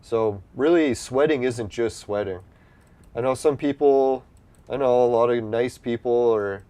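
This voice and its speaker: A man's voice: medium pitch, measured pace, mellow, clear, resonant tone, dry recording. A man casually commenting while playing an online game, rambling and swearing freely, with a slightly stuffy nose from allergies. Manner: rambling, profane, easygoing. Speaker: gameplay streamer.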